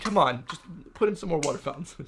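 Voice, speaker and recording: A man's voice: a little high, animated, quick pace, a bit bright, slight background noise. A man giving scripted, playful comedic commentary with mock exasperation. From United States. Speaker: YouTuber.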